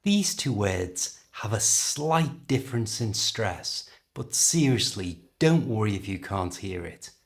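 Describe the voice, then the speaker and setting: A middle-aged man with a British accent teaching an English lesson, carefully and clearly modelling how words are pronounced. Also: fairly low pitch, big pitch swings, slow pace, hardly any pauses. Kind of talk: language lesson.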